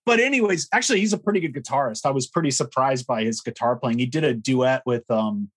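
A man's voice: mid-range voice, fast talker. Guy on a podcast ranting about old records, blunt, lots of ums. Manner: opinionated, frank, with many fillers. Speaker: podcast co-host. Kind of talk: casual chat about music history.

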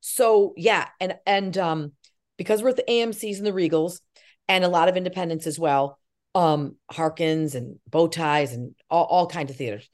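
Middle-aged actress, lowish voice, animated storyteller, interview chat. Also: female voice, normal speed. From Irish Catholic family. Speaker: actress and filmmaker.

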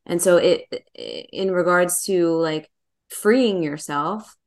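A woman's voice: on the low side, takes it slowly. A woman hosting an interview, thoughtful and searching for her words. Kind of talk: reflective interview conversation.

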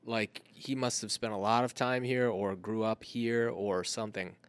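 A man's voice: lowish voice, steady tone, moderate pace, smooth, no room sound, studio quality. Curious man co-hosting a podcast. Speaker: podcast co-host. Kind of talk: casual film discussion.

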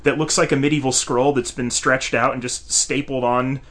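Laid-back male podcast guest, mid pitch. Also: level tone, moderate pace, fairly bright tone. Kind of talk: casual chat.

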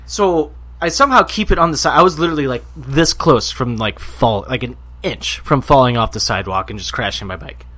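A man's voice: medium pitch, fairly quick, few pauses. A man co-hosting a casual podcast, telling stories and acting out the quotes. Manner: animated storyteller, acts out quotes loudly. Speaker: podcast co-host. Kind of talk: casual chat.

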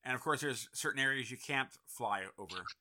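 A man's voice: medium pitch, expressive, a little fast, a crowd in the background. A man hosting a casual interview, talking in an enthusiastic, encouraging and rambling way. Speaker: host.

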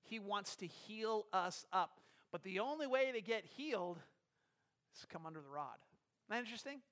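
Man, pastor, high voice, conversational sermon, rhetorical questions. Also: animated, moderate pace, a bit bright.

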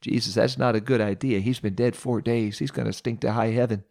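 A man's voice: medium pitch, fairly even intonation, fairly quick, creaky, a little mellow, close to an everyday voice. A man voicing Martha, a grieving and faithful woman, speaking earnestly as he retells a Bible story. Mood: worried.

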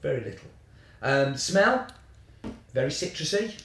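A man co-hosting a casual podcast, chatting in a lively, swooping voice that jumps up and down as he jokes and teases. He sits a little back from the mic in a roomy space with audible echo. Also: fairly high pitch, unhurried, distant mic, a little hiss or hum. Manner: jokey, teasing, reads labels aloud. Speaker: podcast co-host. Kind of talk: casual chat. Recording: roomy sound, a bit off-mic.

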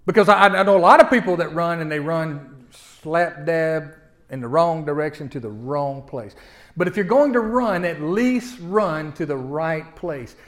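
A man preaches a folksy sermon. His voice sits fairly high, rises loud at the peaks and drops to a near hush. He often stumbles over his opening words and repeats them. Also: measured pace. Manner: folksy preaching with big swings from loud to hushed; repeats words when starting sentences. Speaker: pastor.

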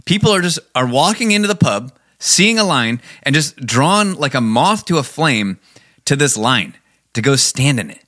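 A man's voice: mid-range voice, very animated, normal speed, sharp tone, no echo, studio quality. A man co-hosting a podcast, ranting in casual, profane, incredulous chat. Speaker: podcast co-host.

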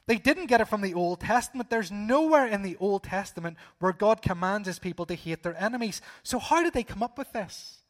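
A middle-aged man, preaching a sermon and putting rhetorical questions to the congregation, swinging between loud emphasis and hushed asides. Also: high voice, lively intonation, a little fast, hardly any pauses.

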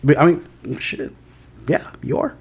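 A man's voice: unhurried, darkish tone. A man in his thirties co-hosting a podcast, telling a loose, profane anecdote with lots of fillers. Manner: loose storytelling with frequent swearing and fillers. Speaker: podcast co-host. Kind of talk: casual chat and anecdote.

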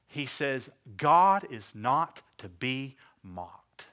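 A man preaching a sermon as pastor, swinging between loud emphatic bursts and quiet low asides, and acting out the characters he describes in casual voices. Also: lively intonation, slow pace. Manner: acts out biblical characters in conversational voices.

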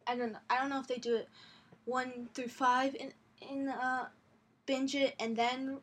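A young woman with a slightly husky, somewhat high voice chats casually as a podcast co-host. Her delivery is drawn-out and tired, and she laughs often. She is recording from home. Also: level tone. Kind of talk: casual chat.

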